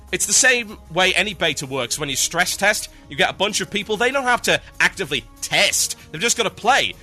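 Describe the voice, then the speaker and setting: A man's voice: high voice, sharp tone. A young man hosting a solo gaming podcast, talking casually in a blunt, opinionated, ranting way. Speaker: podcast host.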